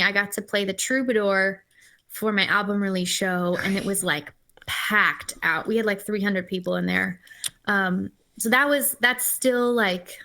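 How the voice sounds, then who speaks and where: Woman musician, casual interview, enthusiastic storyteller, mid-pitched voice. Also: sharp tone. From Los Angeles-based. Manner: talks with her mouth full. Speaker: singer-songwriter guest.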